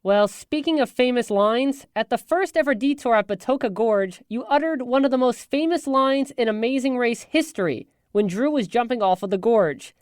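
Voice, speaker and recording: A man hosting a radio talk show, asking prepared interview questions in an even way. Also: very high voice, moderate pace, hardly any pauses, smooth, dry recording, clean studio sound.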